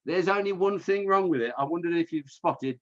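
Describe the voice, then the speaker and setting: A man's voice: a little high, brisk, fairly bright tone, highs cut off. A man giving an informal illustrated history talk, chatty and self-correcting, with wry asides. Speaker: local history speaker.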